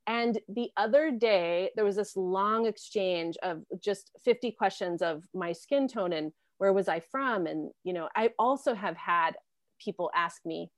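A woman's voice: mid-range voice, measured pace, dry recording. A woman from South America in her thirties or forties, telling personal stories as an interview guest, laughing often and acting out other people's lines. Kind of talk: casual personal storytelling.

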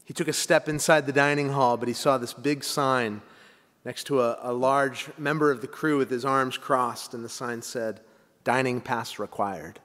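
A man's voice: medium pitch, fairly even intonation, moderate pace, a bit bright. A male pastor telling a story in his sermon, in a conversational way with casual asides. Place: church sanctuary. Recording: long hall reverb.

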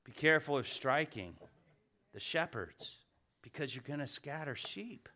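A middle-aged man preaches to his congregation with a bright, ringing tone. He asks them questions and waits for answers, moving from loud emphasis to near-hushed asides. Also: on the high side, expressive, measured pace. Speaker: pastor. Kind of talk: sermon.

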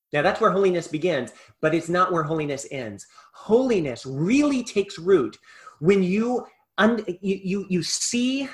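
A male preacher giving a sermon, impassioned, swinging between loud emphasis and hushed asides. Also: high-pitched.

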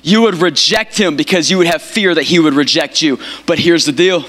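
A man's voice: fairly high pitch, brisk, few pauses, a bit bright. A male pastor preaching a sermon, building up through emphatic repeated phrases and calling on the congregation to respond. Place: church. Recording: hall reverb.

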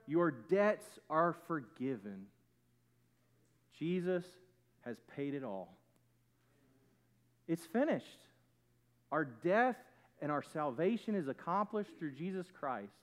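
A man preaching a sermon, building to loud emphatic peaks and then dropping low and quiet. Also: big pitch swings, slow pace, long pauses. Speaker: pastor.

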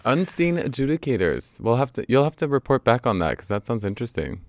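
A man's voice: medium pitch, big pitch swings, a little fast, a little mellow, dry recording. A man co-hosting a podcast, joking lightly and steering the talk from one topic to the next. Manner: joking, upbeat, leads the topics. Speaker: podcast co-host. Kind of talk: casual podcast chat.

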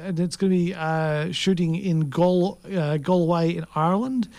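A man's voice: high voice, normal speed, darkish tone, dry recording. Laid-back Australian man, dry sound. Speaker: podcast co-host. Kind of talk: casual chat about films.

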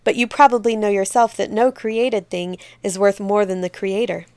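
A woman voicing a proud, brave young queen who gives sharp orders in a raised voice, in a storybook reading. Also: mid-range voice, steady tone, moderate pace, smooth, no echo, lightly acted. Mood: gracious.

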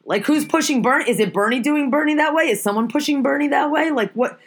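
A woman's voice: sits high, fast. A woman in a casual, profane conversation, telling stories and ranting animatedly. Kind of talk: casual chat.

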